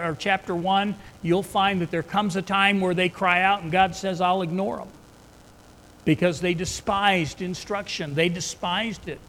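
A man preaching a sermon, reading scripture slowly and building to emphatic, fervent emphasis. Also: high voice. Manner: slow, emphatic Bible reading that rises into loud fervor. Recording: reverberant hall with faint background noise.

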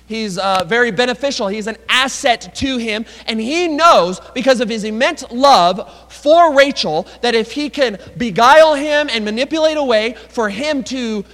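A man's voice: very high voice, fairly bright tone. A man preaching a sermon, retelling a story with asides to the congregation, recorded with long reverb in a large hall.

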